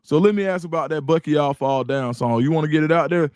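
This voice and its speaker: A slangy man from Atlanta hosts a casual livestream, reading comments aloud and riffing in a loose, animated way. His voice sits somewhat high for a man. The sound is dry and close, with no room around it. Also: fast talker, clear, resonant tone, no echo. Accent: Atlanta Black Southern English. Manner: animated, repeats words, slangy, reads chat aloud. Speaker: livestream host.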